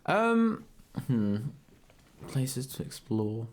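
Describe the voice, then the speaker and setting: A man's voice: mid-range voice, big pitch swings, extremely slow. A young man in his twenties co-hosting a podcast, chatting casually and rambling with frequent laughs. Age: 20s. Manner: rambling, laughs often, swears. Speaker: podcast co-host. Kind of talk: casual chat.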